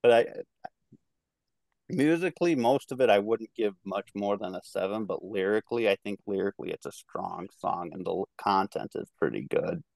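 A man's voice: lowish voice, moderate pace, creaky, darkish tone, no room sound. A man in his thirties with a twangy Midwestern American accent, rambling through a casual album review with lots of fillers and restarts. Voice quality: slight twang. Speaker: music podcast reviewer.

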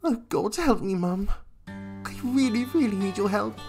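A giddy, easily embarrassed young noblewoman, as a man reads her lines aloud from a visual novel. She talks in a high, breathless rush and keeps tripping over her own words when flustered. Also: animated, a little slow, vocal fry, darkish tone, faint music behind, full character voice.

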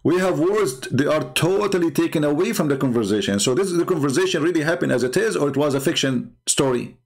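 Argumentative man with a gravelly voice. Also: on the high side, lively intonation. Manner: argumentative, halting, many fillers and restarts. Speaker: religious commentator. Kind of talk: unscripted screen-share talk.

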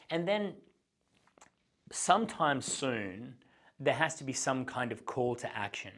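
A man's voice: mid-range voice, moderate pace. A man teaching conversation skills as a dating coach, giving a whiteboard lesson and acting out sample lines. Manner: animated, acts out both sides of conversations.

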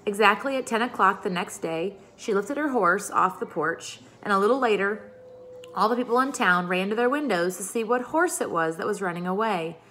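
Expressive woman teacher reading aloud. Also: mid-range voice, moderate pace, slight background noise. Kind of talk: chapter book read-aloud.

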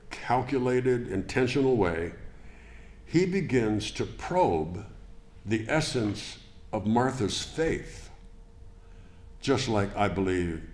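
Pastor, male, low voice, emphatic preaching, roomy sanctuary sound. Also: a little mellow. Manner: deliberate, emphatic preaching with rhetorical questions. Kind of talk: sermon. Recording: echoey church room.

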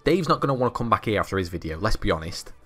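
Young guy, lowish voice, cocky swearing game commentary, bit of music behind. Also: big pitch swings, racing, a bit bright. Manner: cocky, boastful banter with crude swearing. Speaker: gaming channel host. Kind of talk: gameplay commentary.

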